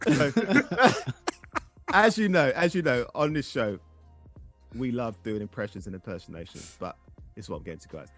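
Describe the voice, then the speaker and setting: A man hosting a casual podcast chat, playful and quick to laugh. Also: medium pitch, faint music behind. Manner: playful, animated, laughs often. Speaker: podcast host.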